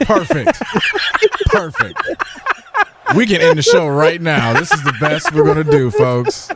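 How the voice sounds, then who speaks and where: A man's voice: a little high, huge pitch swings, a little slow, creaky, a loud crowd. A man giving sarcastic, giggly asides as a guest on a game commentary show.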